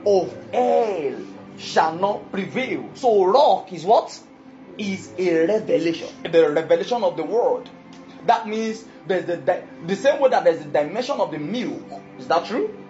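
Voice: medium pitch, lively intonation, normal speed, warm tone, soft background music. Preacher going hard in a sermon, voice jumps all over, kinda dull lo-fi sound. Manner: emphatic, keeps asking the audience questions. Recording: dull lo-fi recording.

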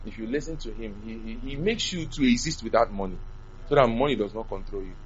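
A man preaching a sermon, animated, swinging from loud to soft. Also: fairly low pitch, fast, highs cut off, slight background noise.

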